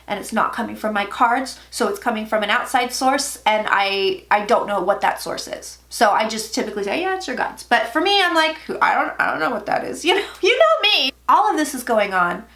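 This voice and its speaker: A woman who works as a psychic, casually telling her own story in a candid, profane, animated way. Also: a little high, reverberant.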